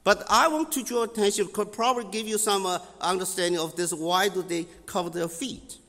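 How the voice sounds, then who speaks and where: A man teaching scripture in sermon style, halting with many fillers and repeating key phrases for emphasis. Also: high voice, bright, forceful tone, big-room sound.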